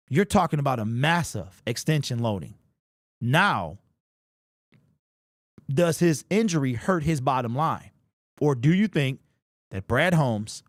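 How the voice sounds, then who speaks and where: A man's voice: a little high, no room sound, studio quality. Emphatic man hosting sports talk. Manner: emphatic, emotional, talks straight to the player. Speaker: sports show host. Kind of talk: live-stream sports talk with chat.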